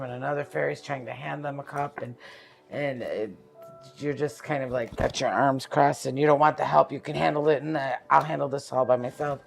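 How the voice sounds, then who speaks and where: A man giving a live-streamed tarot reading, halting and searching for words as he explains the cards. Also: mid-range voice, gravelly. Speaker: tarot card reader.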